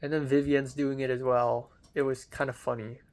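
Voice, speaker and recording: A man's voice: mid-range voice, little pitch movement, moderate pace. Young guy, diary vlog, loose rambling delivery full of ums and cussing, mid-range voice. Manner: rambling, lots of fillers, casual swearing. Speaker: vlogger.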